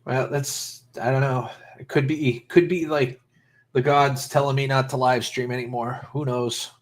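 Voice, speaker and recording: A man's voice: medium pitch, level tone, unhurried. A man in his fifties from Rhode Island, hosting a casual livestream chat in a rambling, self-deprecating way that often trails off. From Rhode Island, USA. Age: 50s. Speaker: livestream host.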